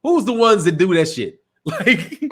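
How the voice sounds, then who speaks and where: A middle-aged man from Chicago runs a boxing live stream with a high-pitched voice. He talks loose and slangy and laughs often. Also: very animated, a little slow, slightly rough. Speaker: boxing channel host. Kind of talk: casual live stream chat.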